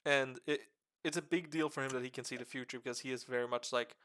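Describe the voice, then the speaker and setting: Male streamer, mid-pitched, animated casual lore explainer who swears freely. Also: fast talker, hardly any pauses, smooth. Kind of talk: casual live-stream chat.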